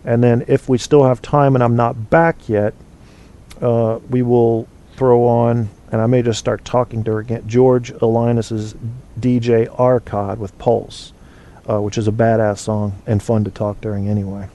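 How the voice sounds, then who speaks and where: A mellow, dark-voiced man rambles through his opinions as he hosts a casual call-in show. He fills the gaps with ums and restarts and keeps things loose and chatty. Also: mid-range voice, little pitch movement, unhurried. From United States. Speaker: podcast host.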